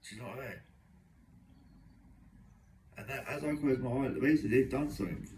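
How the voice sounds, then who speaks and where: A man's voice: mid-range voice, fairly quick, a little mellow, recorded from a distance, a little hiss or hum. A young man talking to camera in a long, agitated, aggrieved monologue that runs on from one complaint to the next. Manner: aggrieved, agitated, run-on storytelling. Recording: echoey room, voice away from mic.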